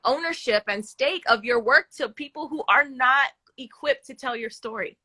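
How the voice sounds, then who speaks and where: A woman joins a casual live chat as a guest, speaking from her bed over a video call. She sounds enthusiastic and affectionate. Her voice is bright and fairly high. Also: normal speed. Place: in bed at home.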